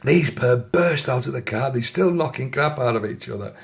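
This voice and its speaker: A man's voice: mid-range voice, expressive, normal speed, gravelly. A man casually telling a funny anecdote, often chuckling and adding apologetic asides. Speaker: storyteller.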